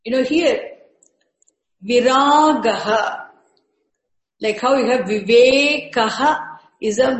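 A woman giving a spiritual lecture, slowly repeating terms and breaking Sanskrit words into parts. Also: fairly high pitch, echoey room, poor audio. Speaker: teacher of Sanskrit scripture. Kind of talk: slow, repetitive spiritual lecture.

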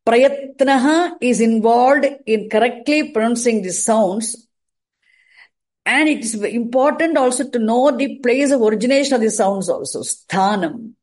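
A woman teaching Sanskrit pronunciation and chanting, speaking deliberately and repeating sounds to demonstrate them. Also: fairly high pitch, a little mellow. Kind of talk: slow explanatory lesson.

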